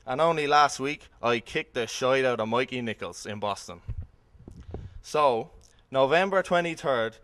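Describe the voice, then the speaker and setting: A man's voice: mid-range voice, expressive, measured pace, a bit bright. An Irish man, a wrestler, giving a cocky and casual boastful promo speech.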